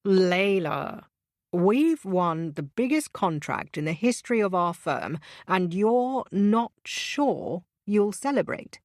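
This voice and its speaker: A woman voicing a glib, smooth-talking male boss with a persuasive drawl. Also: mid-range voice, sing-song, slow pace, no echo, clean studio sound.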